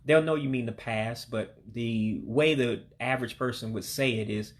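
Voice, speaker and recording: A man giving a language lesson, patiently repeating vocabulary words slowly and breaking each one down. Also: mid-range voice. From heritage learner of Igbo descent. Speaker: language learner teaching vocabulary.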